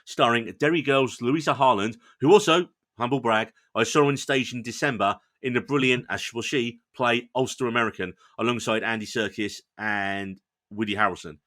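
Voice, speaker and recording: An enthusiastic male podcast host with a bright voice, talking through a show he enjoyed in easy, chatty review mode. He is playful and quick to poke fun at himself. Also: medium pitch. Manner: enthusiastic, chatty, self-deprecating. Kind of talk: casual review chat.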